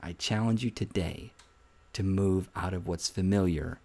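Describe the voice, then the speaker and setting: A man's voice: sits low, fairly even intonation, measured pace, darkish tone. A man hosting a devotional podcast, preaching informally in an earnest, exhorting way, repeating phrases for emphasis and often saying "man". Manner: conversational, often says "man". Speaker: podcast host giving a devotional.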